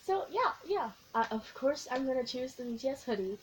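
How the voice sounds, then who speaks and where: A young woman vlogging, telling a long, excitable story in a casual, rambling way with lots of giggles. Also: high voice, a little fast, low-quality recording. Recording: faint background noise.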